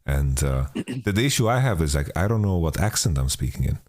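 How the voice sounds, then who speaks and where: Low-voiced male host with a mixed international accent, stop-start casual talk into a home studio mic. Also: big pitch swings, darkish tone. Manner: laughs often, halting restarts. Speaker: podcast host. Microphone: home studio microphone.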